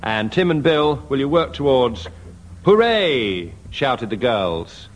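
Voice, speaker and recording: A man's voice: mid-range voice, big pitch swings, highs cut off. A man hosting a radio comedy panel game, calling on players by name and reading out the rules. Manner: brisk, calls on players by name. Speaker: quiz show host. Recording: noisy old radio recording.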